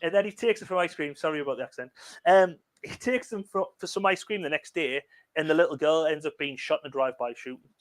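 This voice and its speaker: A man's voice: a little high, fast. Rambling, eager man. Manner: enthusiastic, rambling storyteller. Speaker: co-host. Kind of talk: casual live-stream chat.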